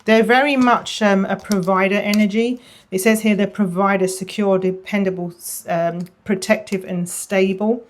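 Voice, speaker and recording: A woman giving a casual tarot reading, chatty, often repeating phrases and dropping into a soft murmur. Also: medium pitch, steady tone, moderate pace. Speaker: tarot reader.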